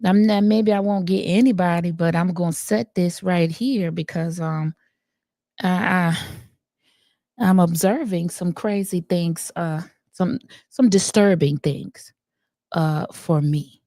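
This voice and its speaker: A woman doing an impression of a soft-spoken, gentle woman who greets live stream viewers slowly and hesitantly, with many ums and uhs. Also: on the low side, no room sound, studio quality, pitched below the performer's own voice.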